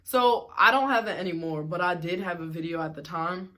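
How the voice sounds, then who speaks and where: A woman's voice: on the low side, fairly quick, bright, forceful tone. A young woman telling a storytime in a casual, slangy and sarcastic way, sounding exasperated. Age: young adult.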